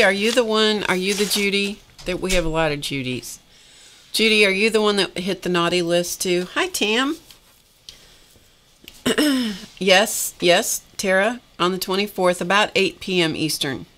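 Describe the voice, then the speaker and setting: There's background noise as a middle-aged woman with a lowish voice opens happy mail on a craft live stream. Talking casually to her viewers, she exclaims over the gifts, her voice a little weary, coughing from time to time.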